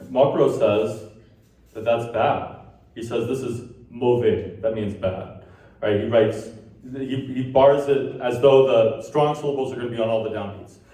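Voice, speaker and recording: Man, lecturer, mellow dark voice, distant mic, very echoey hall. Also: medium pitch, unhurried. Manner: explains while tapping out rhythms in sung syllables. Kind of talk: conference lecture.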